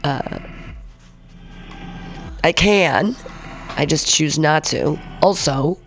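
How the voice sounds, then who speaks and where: Gravelly-voiced woman rambling on radio. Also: deep voice, extremely slow, long pauses. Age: 40s. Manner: rambling, profane, emotional. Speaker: radio host. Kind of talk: casual solo radio talk.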